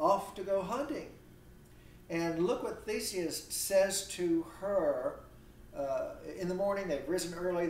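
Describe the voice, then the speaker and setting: A man giving a recorded literature lecture, halting with many pauses and fillers, reading quoted verse with louder emphasis. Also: a little high. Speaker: literature instructor. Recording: roomy echo, distant mic, faint noise.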